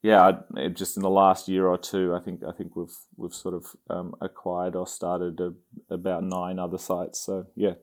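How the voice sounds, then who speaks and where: A man with a mild Australian accent speaks in a fairly low voice. He is a podcast guest describing his work. He talks loosely, with plenty of ums and restarts. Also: moderate pace. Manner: relaxed, rambling with fillers and restarts. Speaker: podcast guest, engineering executive. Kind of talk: casual interview chat.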